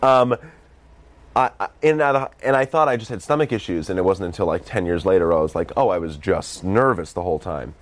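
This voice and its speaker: A young man with a very low voice and a light Boston accent talks in a loose, rambling way, full of "like"s. He is self-deprecating and casual as an interview guest. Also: expressive, brisk. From Massachusetts, USA. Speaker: film director and comedian guest.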